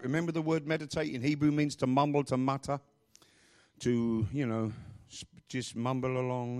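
A man's voice: a little high, moderate pace. A male pastor preaching a sermon, emphatic and repeating phrases, with rambling asides.

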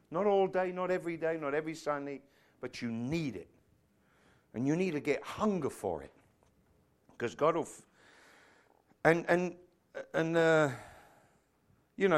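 A man preaching with fervor, his voice sitting a little high for a man. He drives his points home and swells into loud, emphatic bursts. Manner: fervent, rising to shouts. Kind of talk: sermon.

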